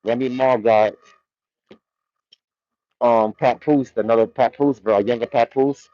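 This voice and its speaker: A man's voice: mid-range voice, fairly even intonation, a little slow, no room sound, muffled recording. Laid-back man chatting on a livestream. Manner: loose, laid-back slang-heavy commentary with frequent laughs. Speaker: livestream host. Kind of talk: casual livestream chat. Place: warehouse.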